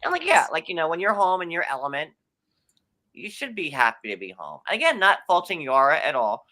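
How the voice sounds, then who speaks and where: A man from New York hosting a casual recap chat, rambling and full of fillers, with sudden jumps in pitch. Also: big pitch swings, fairly quick, bright, forceful tone. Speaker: podcast host.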